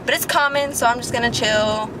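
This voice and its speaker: Sitting in a car, a teen girl vlogs a relaxed storytime, talking briskly in a highish voice with fairly even intonation. Her chatter is packed with "like" and acted-out quotes, and background noise is present.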